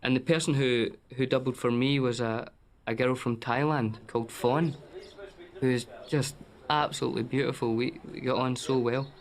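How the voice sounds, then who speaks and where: A man's voice: medium pitch, fairly even intonation, moderate pace. A man actor in a documentary interview, speaking fondly about a colleague.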